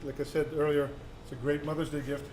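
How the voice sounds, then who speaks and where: Eager man guest, slightly high voice. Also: level tone, fast talker. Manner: enthusiastic, stumbles and repeats words. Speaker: guest author. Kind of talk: casual chat. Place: kitchen studio. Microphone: condenser mic. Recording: echoey room, faint background noise.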